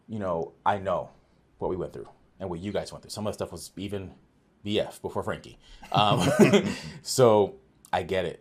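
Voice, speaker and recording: A man who works as an office manager, guesting on a podcast and telling workplace stories in a casual, earnest way, acting out quoted dialogue. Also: deep voice. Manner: earnest, animated retelling with quoted dialogue and many restarts. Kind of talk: casual conversational storytelling.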